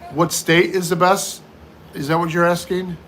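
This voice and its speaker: A middle-aged man from the United States hosts a relaxed livestream, answering viewer comments in turn after reading them aloud. His voice sits high, with a level tone, moderate pace, and a bit of brightness, over slight background noise.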